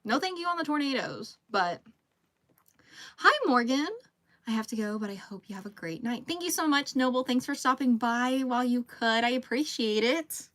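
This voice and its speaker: A woman's voice: fairly high pitch, lively intonation, normal speed, fairly bright tone. A woman, chatting casually on a livestream at home while she crochets. She rambles, reads out viewer comments and talks to her dog. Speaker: livestream host.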